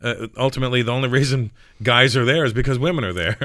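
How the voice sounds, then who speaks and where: A man, a comedian guest telling animated stories in a casual radio studio interview. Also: medium pitch, fast, no echo. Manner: animated storyteller acting out voices in his anecdotes. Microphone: studio microphone.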